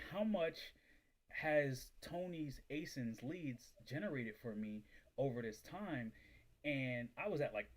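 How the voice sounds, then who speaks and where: A man in the middle pitch range hosts a casual livestream, telling a story with animated energy. He fills his talk with "like" and slips into put-on voices for other people. His delivery is loose and chatty, as if talking to regular viewers. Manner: animated, acts out quoted voices, heavy use of "like". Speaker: reselling business livestream host.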